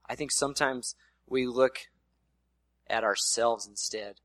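A man's voice: medium pitch, takes it slowly, long pauses, a bit bright, dry recording. A man preaching a sermon in a casual, conversational way, slipping in playful voiced asides. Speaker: pastor.

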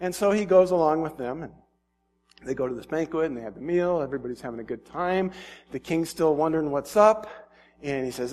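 A man's voice: a little high, a little fast, darkish tone. A man preaching, casually retelling a story and acting out its scenes. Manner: casual, acts out scenes with filler words. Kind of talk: animated sermon storytelling.

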